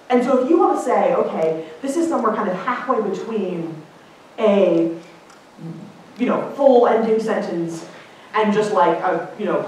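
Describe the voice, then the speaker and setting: A woman's voice: far from the mic, slight background noise. Chatty woman lecturing in an echoey hall. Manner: chatty, animated, acts out quoted people in a higher voice. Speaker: linguist giving a public lecture. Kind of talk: casual public lecture.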